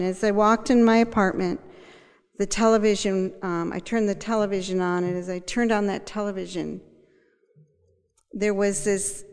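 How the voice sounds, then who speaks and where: Casting: older woman, gravelly, candid testimony style, reverberant hall. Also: mid-range voice. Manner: candid storyteller, acts out quoted voices. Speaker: speaker sharing her recovery story. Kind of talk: personal testimony.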